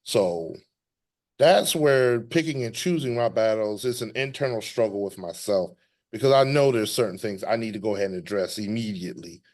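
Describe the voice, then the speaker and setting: A man's voice: on the low side, moderate pace, darkish tone. A man hosting a casual podcast conversation, talking in a reflective, rambling way with frequent restarts. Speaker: podcast host.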